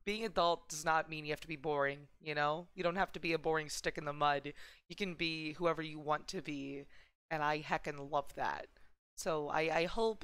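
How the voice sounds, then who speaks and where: A woman's voice: deep voice, fairly bright tone, clean tone, no room sound. A woman streaming a video game, chatting casually and affectionately with her viewers in playful slang. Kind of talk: casual gameplay chat.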